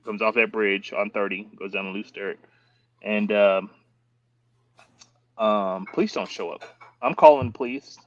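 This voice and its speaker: A male guest on a casual chat stream telling animated stories and acting out the voices of other people. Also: on the low side, moderate pace, pauses often. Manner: animated, acts out quoted voices. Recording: dull lo-fi with faint hiss.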